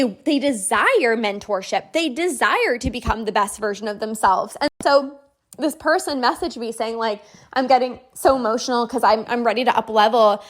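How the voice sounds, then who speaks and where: A woman coach hosting her own podcast, talking up her program with bright enthusiasm and a steady stream of "like" fillers. Her voice sits a little higher than most women's. She sounds persuasive and casual rather than scripted. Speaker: podcast host and binge-eating coach. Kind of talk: promotional podcast monologue.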